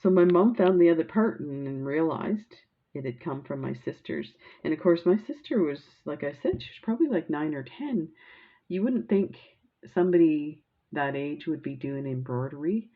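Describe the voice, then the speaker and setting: Low chatty lady rambling on about her beads, kinda muffled lo-fi sound. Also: animated, normal speed. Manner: rambling, chatty storytelling with laughs and gushing. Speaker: crafting vlogger. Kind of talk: casual chat while showing beads.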